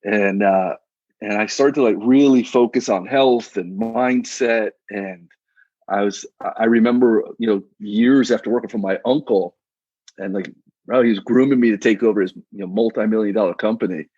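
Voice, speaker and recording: A man's voice: on the low side, normal speed, mellow, breathy edge, no echo, muffled recording. A man in his thirties, a coach and guest on a casual podcast, talking in a laid-back, slangy way with frequent restarts.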